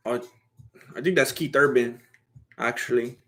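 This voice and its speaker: A man's voice: medium pitch, a little slow, a bit bright. A man streaming a fight watch-along, casually chatting and answering viewer questions in a laid-back, slangy way with frequent laughter. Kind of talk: casual livestream chat.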